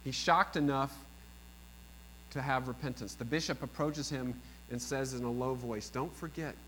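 A man over forty preaching a sermon as pastor, swinging between emphatic peaks and low, quiet lines. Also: fairly even intonation, normal speed, rough recording. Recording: faint mains hum.

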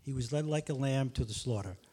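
A man reads a scripture passage aloud in a steady, measured way. His voice is mellow and warm, with a middle pitch for a man. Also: husky. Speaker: scripture reader. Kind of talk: scripture reading.

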